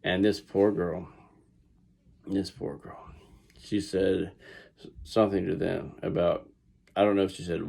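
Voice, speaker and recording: A man's voice: low-pitched, animated, normal speed, vocal fry, long pauses, a little mellow, slightly rough. A middle-aged man with a Southern US accent tells a story casually, rambling with restarts and asides. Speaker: vlogger.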